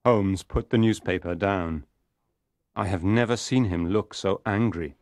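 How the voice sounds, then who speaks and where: A man narrating an audiobook in a calm, measured storytelling voice. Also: low-pitched, dry recording, clean studio sound.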